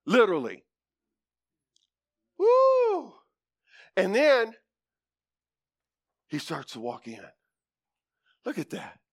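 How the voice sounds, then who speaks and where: A man preaching a folksy, animated sermon, with whoops and asides to the congregation. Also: on the high side, slow pace, pauses often, breathy edge, dry recording, clean studio sound.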